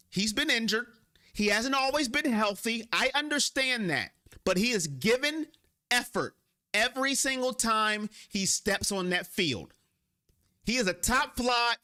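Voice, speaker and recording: Casting: male stream host, high lively voice, bright and emphatic, chatty fan commentary. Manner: animated, reads chat names, paraphrases a player in an emphatic voice. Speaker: sports livestream host. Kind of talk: casual fan livestream commentary.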